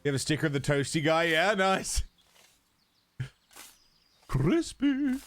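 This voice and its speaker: A man's voice: fairly high pitch, fast, fairly bright tone, clean tone. Chatty man streaming a game. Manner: chatty, talks to his cat and chat. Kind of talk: casual livestream chat.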